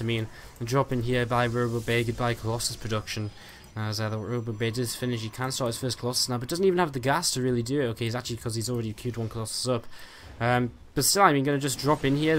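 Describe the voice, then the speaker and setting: A male esports caster calls a live strategy match over a headset mic, his words tumbling out quickly at a mid-range pitch. His play-by-play is peppered with "uh" and "I mean" fillers, with faint ambience underneath. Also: a little hiss or hum. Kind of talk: live game commentary.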